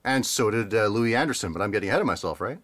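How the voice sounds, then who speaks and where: Rambling man, lively pitch. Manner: rambling, amused, quick laughs, many fillers. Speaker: podcast co-host. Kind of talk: casual chat.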